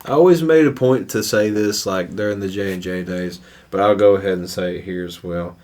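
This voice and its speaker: A man's voice: low voice, brisk, darkish tone. A man from Kentucky with an Appalachian accent, co-hosting a casual podcast chat in a blunt, earnest way. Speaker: podcast co-host.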